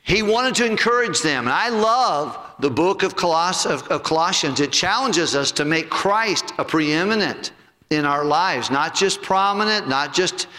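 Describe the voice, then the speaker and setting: A male pastor preaching a sermon and telling a personal story in earnest, sinking low and soft when he quotes people. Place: church sanctuary. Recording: long hall reverb.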